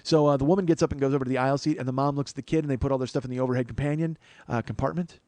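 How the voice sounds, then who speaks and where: A man who is a comedian telling a story on his podcast, animated, profane and poking fun at himself. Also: medium pitch, very fast, no echo. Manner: animated, profane, self-mocking. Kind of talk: comic storytelling.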